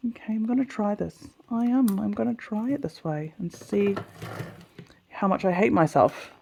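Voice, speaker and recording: With a creaky, dark, mid-range voice at normal speed, an Australian woman talks her way through a sew-along video. Chatty and self-deprecating, she mutters to herself while sewing and laughs off her slip-ups.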